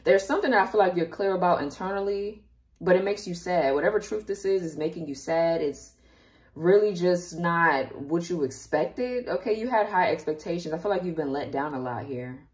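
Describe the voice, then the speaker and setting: Low-voiced woman giving a casual tarot reading. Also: expressive, normal speed. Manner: chatty, emotional, talks straight to viewers. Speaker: tarot reader.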